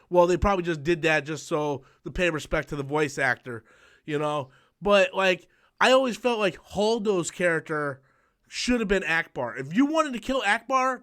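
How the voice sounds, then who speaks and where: A man with a high voice rants through a live-stream chat. He swears constantly and slips into mocking impressions of other people. He is young and talks loosely and off the cuff. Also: pushed and bright. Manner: profane, ranting, mocking, with mimicked quotes. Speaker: channel host.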